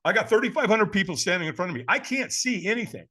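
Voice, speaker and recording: A man in his seventies from California tells a story as a podcast guest, animated and conversational, peppering it with "man." His voice sits high and bright, and it swoops widely as he talks. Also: fast talker, slightly rough. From California, USA. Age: 70s. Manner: lively, acts out quoted voices, says "man" often.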